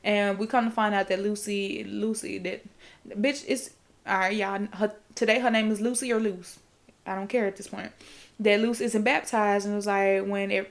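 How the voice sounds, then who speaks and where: Woman rambling through a casual movie recap. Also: mid-range voice. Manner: rambling and profane, with repeated fillers; talks straight to the audience. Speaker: podcast host.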